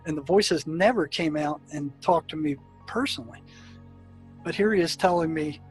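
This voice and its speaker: A man who once worked as a prison therapist, recounting sessions with patients in a halting way, often stumbling and repeating his words. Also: fairly high pitch, soft background music. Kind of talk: storytelling recollection.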